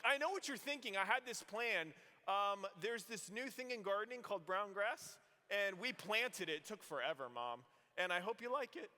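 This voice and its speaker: A young adult man from Arizona, a priest giving a youth conference homily, telling stories in an animated way and acting out voices. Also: a little high. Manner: animated storytelling, acts out voices. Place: large hall. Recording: echoey hall, long reverb.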